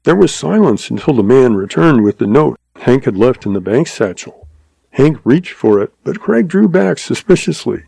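A man narrating a story in an even, measured reading. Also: medium pitch, vocal fry, breathy edge, no room sound.

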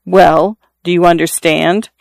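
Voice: mid-range voice, fairly even intonation, a little slow, gravelly, dry recording. A narrator voicing a wounded middle-aged father who confides to his son in an insistent, repetitive way, short of breath. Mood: confiding. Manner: confiding, insistent, repeating himself. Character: dying middle-aged farmer father, earnest.

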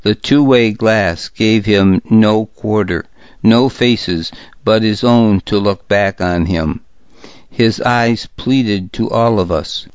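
A man with a lowish voice reads a first-person story at a slow, unhurried pace. His delivery is measured and even. The sound is dry and close, with a slightly dull, lo-fi quality. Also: clear, resonant tone, no echo. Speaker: audiobook narrator. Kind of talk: first-person scripted narration.

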